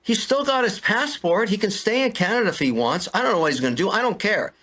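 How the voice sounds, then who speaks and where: Exasperated older man, lively bright voice. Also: sits high, quick pace. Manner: exasperated, repeating himself, pleading. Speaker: interview guest. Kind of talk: heated interview rant.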